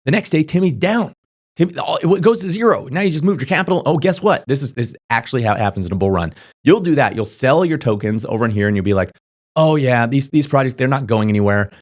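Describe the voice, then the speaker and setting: A young man talking casually to camera, giving crypto advice in a rapid, emphatic way, full of fillers and checking in with "okay?". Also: mid-range voice, expressive. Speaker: crypto YouTuber.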